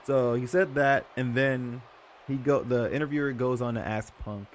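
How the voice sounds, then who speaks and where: A man's voice: medium pitch, fairly even intonation, normal speed. A young man with an ordinary mid-range voice chats casually to his viewers. He wanders off topic, stacks up fillers and takes back what he just said. A faint background noise sits under the recording. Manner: rambling, self-correcting, filler-heavy. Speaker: YouTube host. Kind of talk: casual rambling commentary.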